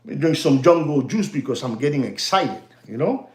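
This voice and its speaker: A man hosting a channel in a rambling, animated monologue, using streetwise banter and bits of Spanish slang. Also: a little high, brisk, reverberant. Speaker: channel host.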